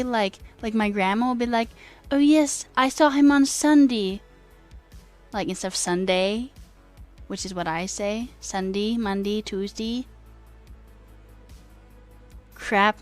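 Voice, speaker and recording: Slow-talking woman chatting on a stream. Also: mid-range voice. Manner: chatty, trails off, reads and answers chat. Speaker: coding livestreamer. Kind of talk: casual live-stream chat with viewers.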